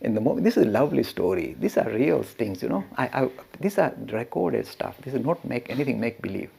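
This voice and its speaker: A man who teaches religion, telling a story as a lecture with animated asides and frequent chuckles. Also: medium pitch, brisk, gravelly, breathy edge. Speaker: religious educator.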